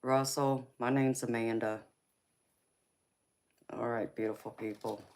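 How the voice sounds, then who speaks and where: A woman with a Southern US accent gives a casual live-stream tarot reading in an extremely low, darkish voice with fairly even intonation and an unhurried pace. She's affectionate, greeting viewers as baby and honey, and chatty and rambling with frequent ums and you-knows.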